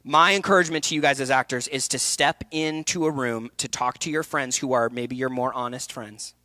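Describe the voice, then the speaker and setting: Bright, animated man teaching actors. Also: medium pitch, dry recording. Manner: energetic, animated, jumps into quick voices and asides. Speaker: acting workshop speaker. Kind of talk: conference talk.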